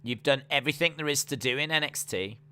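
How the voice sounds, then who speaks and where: A man's voice: mid-range voice, quick pace, pushed and bright, smooth. A man hosting a casual wrestling watch-along stream, chatting and reading out viewer comments. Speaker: live stream host.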